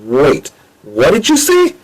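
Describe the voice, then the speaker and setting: A man voicing Anne, a sharp-tongued, scornful young woman. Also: on the high side, wildly swooping pitch, takes it slowly, voice pushed up, full character voice, poor audio. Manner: sneering, cutting.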